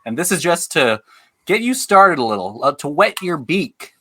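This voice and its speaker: A man's voice: on the high side, very animated, normal speed, pushed and bright. A man hosting a casual podcast quiz game, playful and laughing often as he announces rounds.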